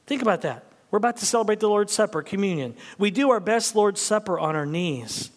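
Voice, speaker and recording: A male pastor preaching a sermon, swinging from loud emphatic peaks to hushed whispers. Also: high-pitched. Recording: long hall reverb.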